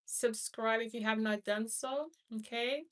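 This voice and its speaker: A woman from Haiti chats slowly on a live stream, her voice set slightly high and heard from a little way off the mic. She rambles, repeats herself, and welcomes viewers by name as a hospice nurse hosting her channel. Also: fairly even intonation, a bit bright, far from the mic. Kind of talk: casual livestream chat.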